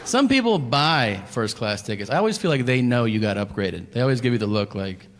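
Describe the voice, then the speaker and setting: Exasperated, profane stand-up comic. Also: male voice, mid-range voice, lively intonation, brisk. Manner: exasperated, profane observational rants. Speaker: stand-up comedian. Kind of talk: live stand-up set. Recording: reverberant hall with faint crowd noise.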